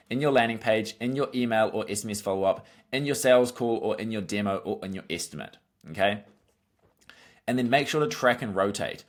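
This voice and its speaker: A man giving an instructional marketing lesson, brisk and emphatic, often checking in with "right?" and "okay?". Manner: acts out sales pitches in quotes. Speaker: marketing coach. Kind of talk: instructional talk to camera.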